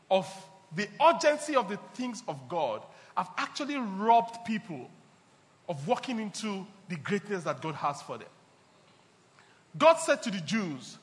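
Pastor guy, really high bright voice, swoops all over, echoey church hall. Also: sing-song, unhurried. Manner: emphatic, repetitive, laughing between points. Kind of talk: sermon. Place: church service.

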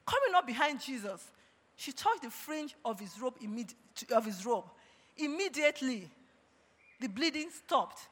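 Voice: sits high, expressive, moderate pace, bright, forceful tone. A preacher giving a sermon, reading scripture aloud and breaking in again and again with calls of praise. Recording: long reverb of a large hall.

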